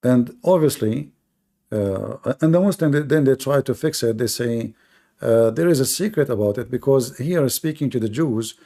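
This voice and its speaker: Gravelly, dark-voiced man. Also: mid-range voice, moderate pace. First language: Arabic. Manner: emphatic, repeats himself, many hesitations. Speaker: debate host. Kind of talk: live-streamed religious debate talk.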